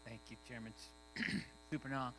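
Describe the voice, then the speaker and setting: A man's voice: mid-range voice, expressive, measured pace, background noise. A man replying at a public meeting, careful and a little hesitant. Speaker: tribal member responding at a meeting.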